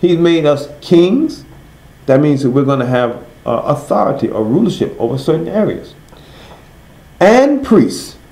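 A man teaching a Bible study. He asks his listeners questions and answers them himself, and he reads scripture slowly, stressing each word. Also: a little high, expressive, mellow, echoey room, low-quality recording.

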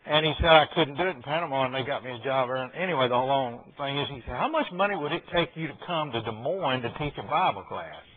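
A man's voice: medium pitch, animated, fast, hardly any pauses. A man, a pastor leading a Bible study in a folksy storytelling manner and quoting conversations. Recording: tinny phone-like audio.

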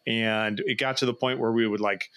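A man's voice: fairly low pitch, steady tone, moderate pace, bright, forceful tone. A middle-aged man hosting a podcast, who asks eager questions and explains terms for the listeners. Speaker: podcast host. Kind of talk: conversational interview.

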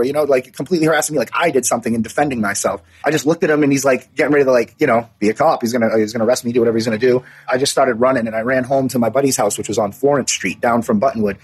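Husky, profane New man. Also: medium pitch, very fast, few pauses, low-quality recording. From New Bedford, Massachusetts. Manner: blunt, profane, swaggering recounting. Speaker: interview guest. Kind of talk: casual storytelling interview. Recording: faint music underneath.

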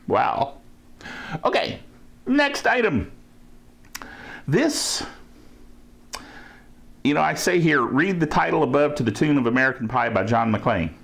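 A man's voice: fairly high pitch, sing-song, a little slow, creaky, long pauses, a bit bright. A middle-aged man hosting a tech podcast, chatting casually with an enthusiastic, jokey manner. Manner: enthusiastic and jokey, laughs at himself. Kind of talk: casual tech news chat.

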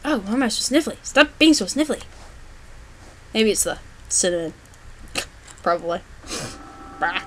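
A woman's voice: mid-range voice, expressive, normal speed, pauses often, slight background noise. A woman giving casual, jokey gameplay commentary with playful, silly asides. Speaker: let's play gamer.

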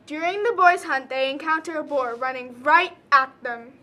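A young woman earnestly narrates and explains a student drama presentation. Her voice is high and bright and sounds clear, with a crisp edge. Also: normal speed.

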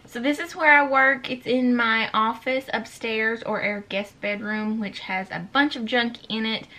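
A young woman chatting casually to the camera in a rambling, relaxed way. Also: a little high, unhurried. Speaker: vlogger. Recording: dull lo-fi recording with loud background noise.

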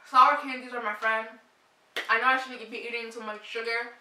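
A woman's voice: on the high side, steady tone, moderate pace, pushed and bright, reverberant, far from the mic, a little hiss or hum, poor audio. A young woman vlogger chatting casually to camera, short of breath, with a lot of "like" and "um". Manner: chatty, frequent "like" and "um" fillers.

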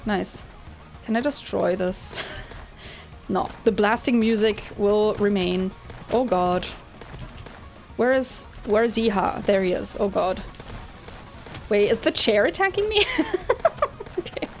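A woman hosting a gaming channel, giving excitable let's-play commentary with lots of exclamations. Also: mid-range voice, takes it slowly, long pauses. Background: game music.

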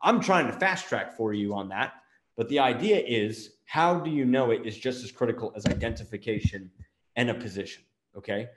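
Energetic man firing off questions, echoey room. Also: medium pitch. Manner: energetic, rapid-fire rhetorical questions. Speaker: marketing agency owner and show host. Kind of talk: motivational business talk to camera.

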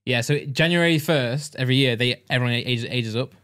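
A man's voice: medium pitch, fairly quick, a bit bright. A man co-hosting a podcast, chatting casually and joking around. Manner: jokey, tries silly impressions. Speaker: podcast co-host.

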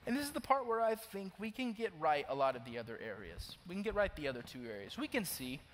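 High-voiced young preacher in a reverberant hall. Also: male voice, very animated, fast. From Oklahoma. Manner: swings between loud urgent pleading and hushed near-whispered confession. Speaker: youth pastor. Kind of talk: sermon. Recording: long hall reverb, faint noise.

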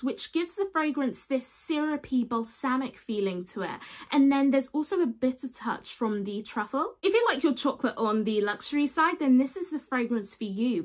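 A young woman in her twenties chatting to her viewers in a gushing, casual vlog review of perfumes. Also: a little high.

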